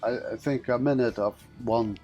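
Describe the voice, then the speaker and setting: A man's voice: medium pitch, fairly even intonation, normal speed, a little mellow, dull audio, soft background music. A laid-back man co-hosting a casual podcast, laughing between short remarks. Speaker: podcast co-host. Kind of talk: casual chat.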